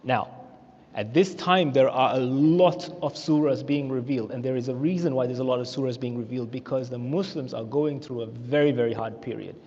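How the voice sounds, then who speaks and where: An Australian man teaching a religious history class in a mosque, telling the story with animated, acted-out quotes. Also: mid-range voice, brisk. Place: mosque hall. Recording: echoey hall, muffled lo-fi sound.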